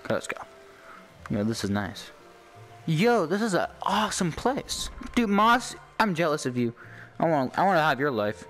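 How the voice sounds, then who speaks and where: A young man giving let's-play commentary on a game he has waited for, excitable and cheering on his character. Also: a little high, moderate pace, soft background music. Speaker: YouTube gamer.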